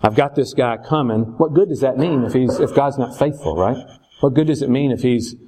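Brief: a male Bible teacher, relaxed and conversational, keeps asking rhetorical questions. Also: mid-range voice, brisk, a little hiss or hum. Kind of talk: Bible lesson.

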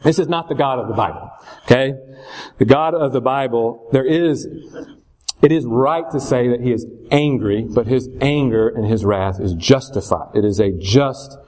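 Brief: a male Bible teacher, relaxed and conversational, keeps asking rhetorical questions. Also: mid-range voice, moderate pace. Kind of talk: Bible lesson.

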